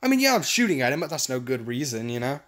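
Excitable male gamer with lively pitch. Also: quick pace. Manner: excitable, exclamatory, playful. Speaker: gaming channel host. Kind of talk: video game commentary.

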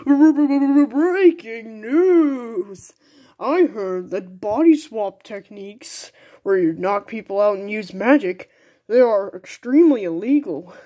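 A woman voicing a TV news announcer in a toy cartoon, speaking slowly and half-whispered. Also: on the high side, lively intonation, warm tone. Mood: announcing.

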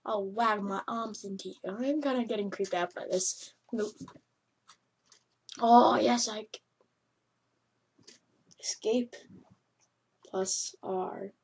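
Female gamer, mid pitch, yelps and laughs through unhurried let's-play commentary. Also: husky. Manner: excitable, yelps and laughs at the game. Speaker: gameplay commentator.

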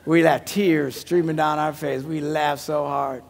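A man who is a pastor and comedian, telling comic stories in a sermon, dropping to mumbled asides and jumping to loud punchlines, laughing at his own jokes. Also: fairly high pitch, flat delivery, unhurried, gravelly.

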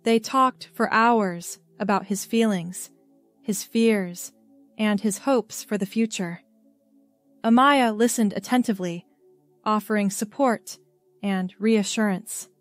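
A woman reading a scripted story aloud in a calm, even storybook manner. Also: mid-range voice, takes it slowly, dry recording, soft background music.

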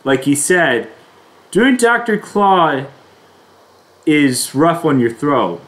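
A man hosting his own reaction video, reading his intro and verdict in a slow, deliberate, plain way. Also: a little high, big pitch swings, fairly bright tone. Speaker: video reactor, channel host. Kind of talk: scripted reaction video narration.

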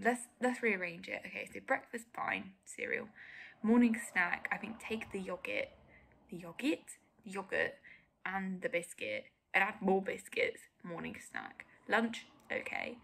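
Husky young woman half-whispering commentary. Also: medium pitch, a bit bright. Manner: candid, self-critical, often drops to a whisper. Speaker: vlogger. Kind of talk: casual reaction commentary.

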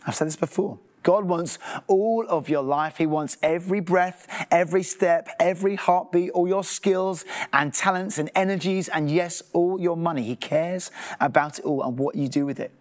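A man's voice: a little high, moderate pace. Man preaching a sermon. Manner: earnest, acts out listeners' thoughts. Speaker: pastor.

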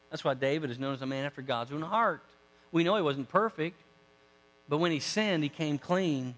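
A male pastor preaching a storytelling sermon, retelling scripture in a folksy, animated way with asides to the congregation. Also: fairly high pitch, normal speed. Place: church sanctuary. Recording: church hall reverb.

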